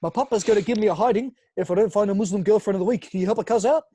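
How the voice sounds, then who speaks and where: A man's voice: sits high, rapid-fire, breathy edge, voice pushed up. A man putting on a brash cheeky young street lad. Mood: wheedling. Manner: loud, boastful, calls people dog.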